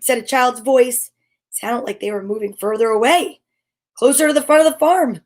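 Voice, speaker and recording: Expressive woman reading a storybook aloud. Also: fairly high pitch, moderate pace. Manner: expressive, dropping to hushed near-whispers. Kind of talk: reading a picture book aloud.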